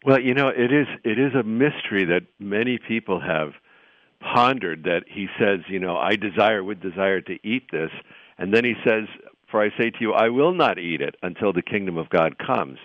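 A man, a seminary professor, explaining scripture as a radio guest, thoughtful and halting, with many restarts. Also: fairly low pitch, dry recording. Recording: tinny phone line.

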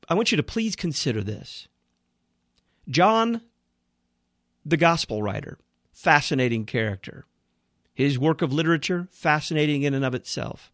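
A man's voice: fairly high pitch, a bit bright, no room sound. A man hosting a radio program, critiquing a sermon he has just played in an emphatic, preaching manner.

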